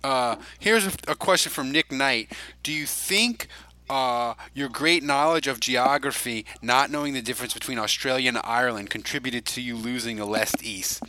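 A man's voice: medium pitch, moderate pace, pushed and bright, rough recording. A man hosting a podcast, chatting casually in a rambling way, full of fillers and restarts. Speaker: podcast host. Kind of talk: casual chat.

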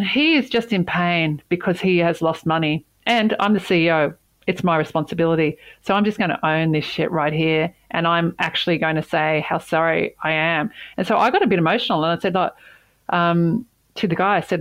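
A woman with a somewhat low voice tells a personal story in an interview with earnest emphasis. She doubles back on words to stress her point. The sound is dry and close. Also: no echo, low-quality recording. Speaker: CEO, interview guest.

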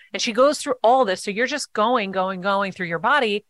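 A woman's voice: mid-range voice, moderate pace, a bit bright, no room sound, clean studio sound. A woman speaking as a podcast guest, telling stories earnestly and acting out what others said. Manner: earnest, storytelling, acts out quotes. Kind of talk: casual interview talk.

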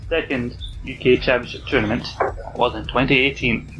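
A man's voice: medium pitch, fairly even intonation, moderate pace, highs cut off, background noise. Man hosting a podcast quiz. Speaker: quiz host.

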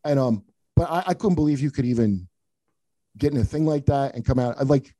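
A man's voice: medium pitch, fairly quick, dark tone, no room sound. A middle-aged man, a comedian hosting a podcast, telling profane, rambling anecdotes full of restarts in casual chat.

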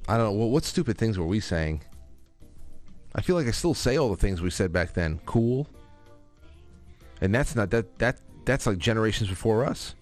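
Man, Northeastern US accent, lowish voice, rambling talk-show host, faint music underneath. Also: lively intonation, moderate pace, pauses often. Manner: meandering, reads listener comments aloud with asides. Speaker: podcast host. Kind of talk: casual call-in talk show chat.

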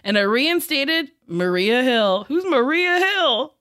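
A woman's voice: high voice, animated, takes it slowly. A woman co-hosting a podcast, recapping a movie with sarcastic, joking asides. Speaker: podcast co-host. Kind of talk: casual chat, recapping a film.

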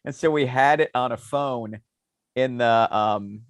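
Animated storytelling man, dry sound. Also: medium pitch, a little slow, dry recording. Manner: animated storyteller, laughs often. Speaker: podcast co-host. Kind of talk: casual chat.

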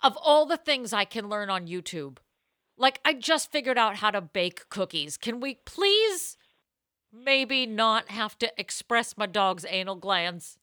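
A woman co-hosting a podcast in casual chat, chatty and animated and quick to laugh, recorded close on a podcast mic. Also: medium pitch, dry recording. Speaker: podcast co-host.

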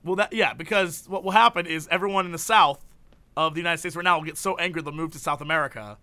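A young man in casual comedic chat with a friend, animated and jokey, rambling with restarts. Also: on the high side, quick pace. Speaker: co-host.

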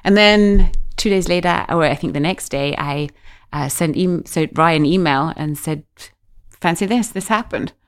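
Lively middle-aged woman telling a story. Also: on the low side, normal speed, clean tone. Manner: animated, acts out quoted voices. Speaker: guest. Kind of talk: casual storytelling.

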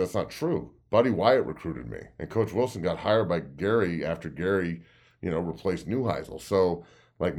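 A man in his thirties, a former football player hosting a podcast, telling profane, excitable stories and acting out the quotes. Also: sits low. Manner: excitable, profane storytelling with lively put-on quotes. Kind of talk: casual podcast chat.

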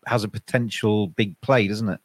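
A man hosting a casual podcast chat, relaxed and conversational. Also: lowish voice, moderate pace, no echo. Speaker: podcast host.

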